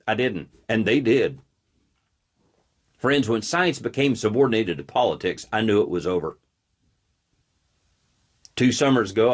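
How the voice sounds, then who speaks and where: A man with a lowish voice delivers a combative commentary monologue. He is blunt and provocative, and he lands his points plainly and slowly. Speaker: host.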